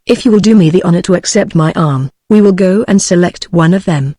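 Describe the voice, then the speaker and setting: A synthetic text-to-speech woman's voice with a British English accent, reading the lines of an earnest, formal young gentleman without acting them. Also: on the low side, brisk, no room sound, clean studio sound, lightly acted.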